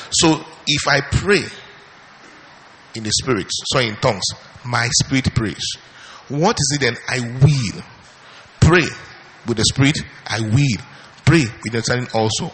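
A man's voice: medium pitch, pushed and bright, long reverb tail. A man preaching a sermon, emphatic, repeating key phrases and answering his own questions. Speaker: pastor.

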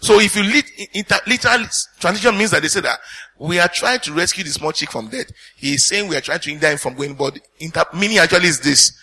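Man, pastor preaching, husky voice, fairly high pitch, asks the congregation questions. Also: lively intonation, fast talker, bright, forceful tone. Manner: earnest teaching preacher, addresses congregation with questions. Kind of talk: sermon.

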